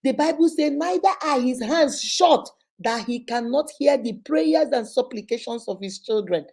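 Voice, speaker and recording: A middle-aged Nigerian woman, a teacher and host, giving an animated, preachy motivational talk sprinkled with Igbo phrases. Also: high voice, moderate pace, creaky, breathy edge.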